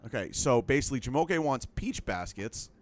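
A man's voice: mid-range voice, sing-song, brisk. A young man co-hosting a casual sports podcast, teasing and arguing in mock outrage. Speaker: podcast co-host.

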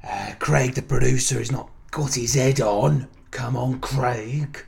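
Deadpan gravelly host. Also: male voice, medium pitch, slow pace. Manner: deadpan, awkwardly tactless. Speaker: radio phone-in host, ex-pro footballer. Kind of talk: comic phone-in sketch.

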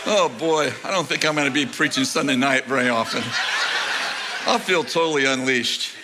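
A middle-aged man preaching a sermon to his church, animated and joking with the congregation, asking rhetorical questions. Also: mid-range voice, moderate pace, very noisy. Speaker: pastor. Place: church sanctuary.

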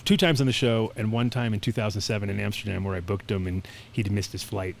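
Male talk host, lowish voice, rambling animated storyteller, swears freely. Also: fast talker, gravelly, slight background noise. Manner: rambling, animated, profane storyteller, acts out quotes. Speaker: podcast host. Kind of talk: casual storytelling chat.

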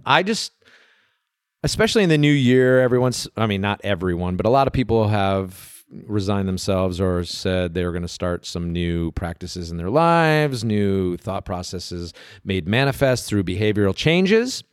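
Animated, lively male podcast co-host. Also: lowish voice, normal speed, smooth, no room sound, studio quality. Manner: animated, playful, jokes around. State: speedy after caffeine. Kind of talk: casual podcast chat.

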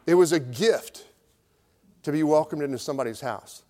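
A man's voice: on the high side, moderate pace, warm tone. A middle-aged man, a pastor, preaching a conversational, storytelling sermon. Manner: conversational, storytelling preaching with acted crowd voices. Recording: long hall reverb.

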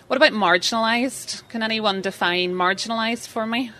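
A woman's voice: fairly high pitch, normal speed, sharp tone. A woman giving an interactive live seminar talk, chatty and self-deprecating, putting questions to the audience. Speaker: seminar speaker.

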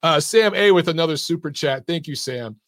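A man with a fairly high voice hosts a call-in show, relaxed and chatty, dropping the odd swear word. The sound is dry and close, with no room around it. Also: a little fast, dry recording. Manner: laid-back, laughs often, swears casually. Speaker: host of a boxing call-in show. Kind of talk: casual chat.

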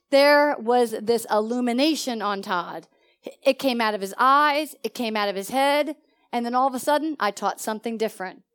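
A woman pastor teaching a sermon to her congregation in an animated, conversational way, often putting questions to the listeners. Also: a little high. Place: church service.

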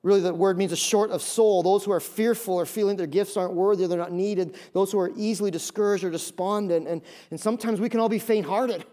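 Male pastor with a high-pitched voice, preaching with lively acted asides and repeated phrases. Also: fast, hardly any pauses. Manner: animated, acts out voices of listeners; repeats key phrases for emphasis. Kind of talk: sermon.

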